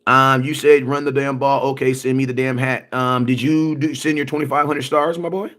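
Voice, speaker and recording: A man's voice: mid-range voice, level tone, normal speed, a bit bright. A man hosting a sports livestream, ranting emphatically in slangy, repetitive talk and answering viewer comments. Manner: emphatic and repetitive, slangy, often asks "you know what I'm saying". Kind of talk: animated livestream rant.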